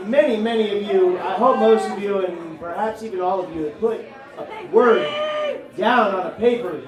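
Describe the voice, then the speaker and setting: A man's voice: high voice, moderate pace, background noise. A man co-hosting a live poetry night, reading spoken word and joking theatrically with the audience in a bar venue. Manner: theatrical, jokey and rambling. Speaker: poetry show co-host. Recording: echoey room from a distant mic with crowd.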